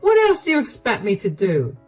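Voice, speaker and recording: A man's voice: sits high, huge pitch swings, brisk, slightly rough, soft background music, heavily acted. A woman voicing a lazy, defensive unemployed husband in a narrated story, with a whiny, evasive way of talking.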